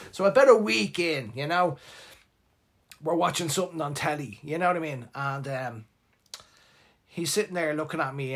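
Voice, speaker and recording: A middle-aged Irish man from Dublin hosting a live show. He tells a personal story in a casual, animated and emotional way, with lots of restarts. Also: mid-range voice. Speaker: host.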